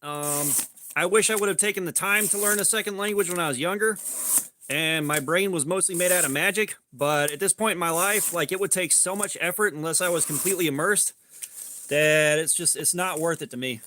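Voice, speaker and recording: A man's voice: high voice, a little fast, bright, forceful tone, a little hiss or hum. A man hosting a casual livestream, rambling loosely with lots of "like" and some swearing, and greeting chat viewers by name. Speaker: livestream host.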